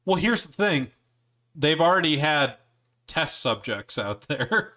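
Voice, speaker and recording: A man's voice: on the high side, sing-song, slow, sharp tone. A young man co-hosting a podcast, joking around and explaining things in a loose, offhand way. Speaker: podcast co-host. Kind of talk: casual chat.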